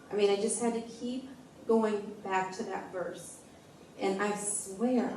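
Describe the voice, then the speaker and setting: A woman in her forties gives a personal testimony in an unhurried, heartfelt way, often stopping to restart a thought. Her voice is mellow and warm. She is picked up from some distance in an echoey church room, with faint room noise behind her. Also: medium pitch. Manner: halting, heartfelt, with frequent restarts. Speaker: speaker sharing a personal testimony.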